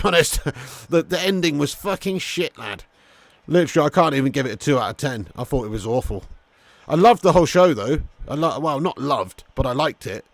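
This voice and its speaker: A man hosting a live football watch-along, chatting casually to viewers, swearing freely, and getting loud when calling goals. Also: on the high side, creaky, no room sound. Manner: casual, laddish, swears freely, calls viewers mate and lad. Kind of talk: live streamed football commentary and chat.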